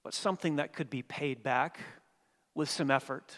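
A man preaching a sermon as pastor, dynamic, swinging from hushed passages to emphatic ones. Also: on the high side, normal speed. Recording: long hall reverb.

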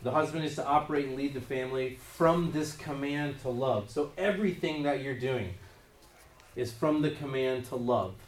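A man's voice: mid-range voice, normal speed. A man preaching a sermon, pressing his points with emphatic rises in force. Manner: emphatic, rising in force on key phrases. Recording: roomy echo, voice from a distance.

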